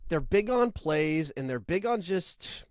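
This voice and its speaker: Podcast co-host, male; deadpan sarcastic jokester who tells animated stories, very dry mic. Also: fairly high pitch, unhurried, clean tone, no echo. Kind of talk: casual sports podcast banter. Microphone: own microphone, remote recording.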